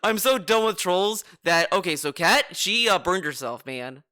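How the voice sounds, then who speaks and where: Male reaction streamer, mocking, swearing, smooth clear voice. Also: high voice, unhurried, no echo, studio quality. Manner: mocking, animated, swearing, exaggerated impressions. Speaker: commentary streamer. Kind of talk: reaction commentary.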